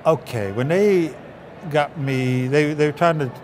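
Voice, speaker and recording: A man from England recalls stories in an interview, slipping into other people's voices as he tells them. A steady hum of traffic noise sits under his voice. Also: a little high, a little slow. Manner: animated storyteller acting out quotes. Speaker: puppeteer guest. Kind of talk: interview anecdotes.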